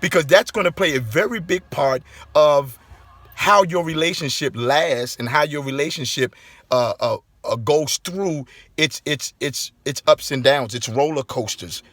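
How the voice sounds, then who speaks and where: A middle-aged man, a pastor and author, chatting casually to his viewers on a phone inside a car, repeating his points and getting animated when riled. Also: fairly high pitch, a little slow, dry recording. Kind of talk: casual vlog talk to viewers.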